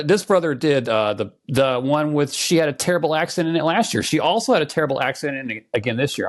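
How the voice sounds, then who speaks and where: Man, podcast co-host, lively pitch, blunt casual movie talk. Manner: opinionated, animated, blunt.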